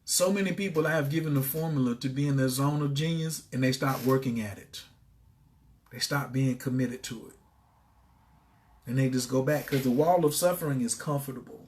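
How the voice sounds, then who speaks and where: Guy with a high voice preaching self-help on a stream, keeps repeating himself. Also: normal speed. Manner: preachy, repetitive, bursts into excited shouting. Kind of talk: motivational livestream talk.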